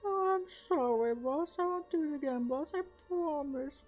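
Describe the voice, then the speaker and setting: A timid little goblin servant grovels and begs in a high, thin voice, as a woman puts him on. The sound is a little dull, with faint game music underneath. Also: normal speed, darkish tone, natural voice. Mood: cowering. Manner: apologetic, pleading. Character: whimpering servile little male goblin.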